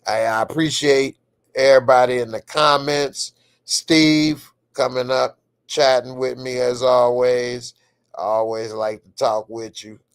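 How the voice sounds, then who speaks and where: An American man hosting a late-night live stream, chatting with viewers in a relaxed, drawling way and laughing often. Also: medium pitch, unhurried, clean tone. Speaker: streamer host.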